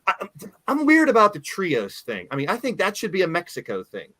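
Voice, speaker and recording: Bright-voiced man hosting a wrestling chat. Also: high voice, huge pitch swings, a little fast, no echo. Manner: rambling, talks while showing things on screen. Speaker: podcast host.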